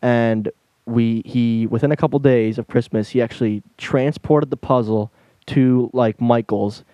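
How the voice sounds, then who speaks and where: A man's voice: mid-range voice, unhurried, no echo. A young man hosting a casual chat, telling funny family stories with lots of laughter. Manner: animated storyteller, laughs while telling stories. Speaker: podcast host.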